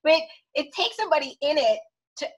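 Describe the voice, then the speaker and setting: A woman hosting a casual podcast chat, exclamatory and quick to laugh along. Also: high voice, very animated, poor audio. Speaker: host.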